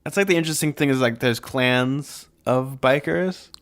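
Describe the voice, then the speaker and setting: A man with a middle-pitched voice co-hosting a casual podcast. He talks in an easygoing, joking way and wanders from point to point. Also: normal speed, a bit bright. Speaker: podcast co-host. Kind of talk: casual chat.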